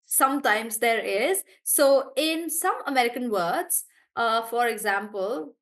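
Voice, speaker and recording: A woman with a fairly high voice teaches English pronunciation in a live online class. She slows right down and stretches each word to show where the stress falls, then speeds back up to chat with her students, calling them by name as she answers their questions. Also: expressive, a bit bright.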